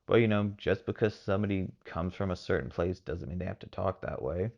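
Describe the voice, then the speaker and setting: A man with a very low voice and a gravelly, fry-heavy edge talks through a solo podcast in a rambling, casual way. He is from Texas and hedges constantly with fillers. The recording sounds a little muffled and dull. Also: brisk. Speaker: podcast host.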